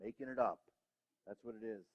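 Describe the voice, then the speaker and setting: A man's voice: lowish voice, a little fast. A male pastor giving a sermon in a church, self-deprecating and acting out the voices in his head. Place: church sanctuary. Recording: reverberant hall, dull lo-fi sound.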